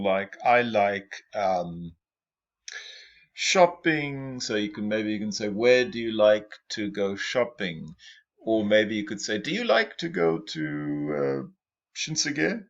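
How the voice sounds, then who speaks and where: A man's voice: on the low side, expressive, unhurried, fairly bright tone. A man teaching an English class, patiently repeating example sentences and questions for his students. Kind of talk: classroom lesson explaining exam tips. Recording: dull lo-fi lecture recording.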